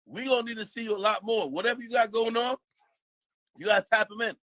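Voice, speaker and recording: A man's voice: high voice, quick pace, a bit bright, dry recording. A man, hosting a livestream and hyping up his guest in easygoing casual chat. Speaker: livestream host.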